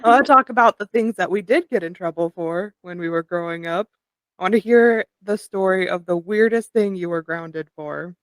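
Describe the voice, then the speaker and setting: A woman's voice: lowish voice, normal speed, no room sound. Young woman hosting, dry close sound. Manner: leads topics, laughs along. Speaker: podcast co-host. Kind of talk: casual chat.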